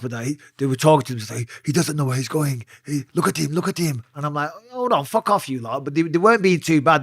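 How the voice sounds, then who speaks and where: A man's voice: medium pitch, no room sound, clean studio sound. A man being interviewed, telling a story in a casual, profane way and acting out the voices of the people in it. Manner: profane, animated, acts out voices in his stories. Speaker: interview guest.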